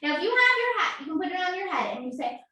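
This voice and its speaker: A woman's voice: very high-pitched, very animated, fast talker, bright, forceful tone. A woman leading a children's story time, reading a picture book, singing and coaxing young kids to join in. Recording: echoey room, distant mic.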